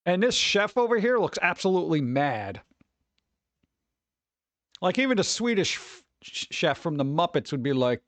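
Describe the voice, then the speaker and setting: A man giving casual live-stream commentary with a slightly high voice. He rambles, trips over words and sounds exasperated and sarcastic. The recording is dry and close. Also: big pitch swings, moderate pace, pauses often, fairly bright tone, no echo. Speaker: streamer reacting to food videos.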